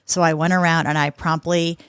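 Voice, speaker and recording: A woman in her fifties, a guest on a podcast, telling lively anecdotes and acting out what people said. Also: deep voice, a little fast, clear, resonant tone, no room sound, studio quality. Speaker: podcast guest, sports executive. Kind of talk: conversational interview storytelling.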